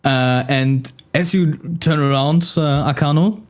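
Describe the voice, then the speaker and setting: A man narrating a tabletop game as dungeon master, lively and often laughing. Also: a little high, unhurried.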